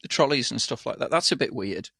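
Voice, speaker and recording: Brief: man, gravelly voice, dry close mic, rambling storyteller, casual podcast chat. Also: medium pitch, animated, quick pace, fairly bright tone, dry recording. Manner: rambling storyteller, acts out quoted voices, laughs often. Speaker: podcast co-host.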